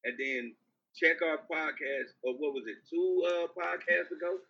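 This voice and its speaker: A man co-hosting a podcast in casual chat, telling profane, animated stories and teasing a listener. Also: a little high, unhurried, gravelly, breathy edge. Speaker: podcast co-host. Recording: dull lo-fi sound.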